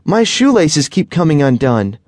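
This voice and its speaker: A man voicing an eager, excitable little boy in a children's storybook. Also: on the high side, a little slow, no echo, voice pushed up. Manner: pleading, excitable.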